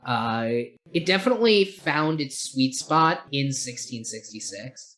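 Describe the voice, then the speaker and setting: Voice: mid-range voice, very animated, a little slow, a bit bright. A podcast co-host in casual film review chat, rambling and opinionated, swearing casually.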